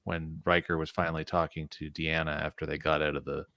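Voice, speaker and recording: A man with a very deep voice chats casually, rambling a little and hunting for the right words. The recording is dry and close. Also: flat delivery, fairly quick, pushed and bright, no echo. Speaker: co-host. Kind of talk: casual chat.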